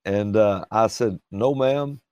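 A man's voice: on the low side, slow, darkish tone, clean tone, dry recording, muffled recording. A middle-aged man from Alabama with a Southern accent, telling a joking story in a folksy way as an interview guest. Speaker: guest minister.

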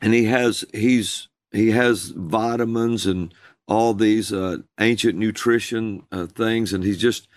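A man, a minister, telling a personal story in conversation, slow and drawn out. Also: steady tone, dry recording. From USA. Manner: slow, drawn-out storytelling with calls acted out in a high voice.

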